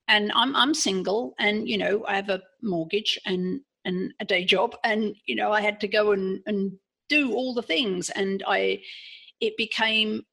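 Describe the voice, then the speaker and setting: English woman guest, gravelly, husky, earnest self-analyzer, restarts a lot. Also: mid-range voice, unhurried, a bit bright. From England. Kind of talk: candid personal storytelling.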